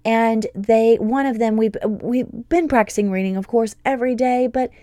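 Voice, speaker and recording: A woman in her thirties talks through a casual podcast monologue, gushing and upbeat and wandering into excited asides. Her voice is warm and mellow rather than bright, and the recording is dry and close, with no room sound. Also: on the high side, normal speed, dry recording. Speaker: podcast host and homeschool business coach.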